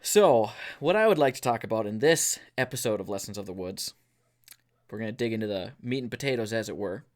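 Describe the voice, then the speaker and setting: A man's voice: on the low side, lively intonation, fairly quick. A man co-hosting an outdoors podcast, chatting casually, jokey and rambling off on tangents. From northern US. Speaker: podcast co-host. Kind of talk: casual chat.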